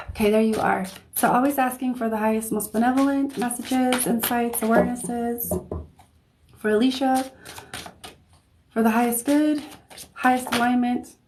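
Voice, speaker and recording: A woman giving a live-streamed tarot reading, talking in a chatty, easygoing way, often checking in with "okay?" and laughing softly between phrases. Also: a little high, steady tone, normal speed, pauses often, a little hiss or hum. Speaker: psychic reader. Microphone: phone or desk mic on livestream.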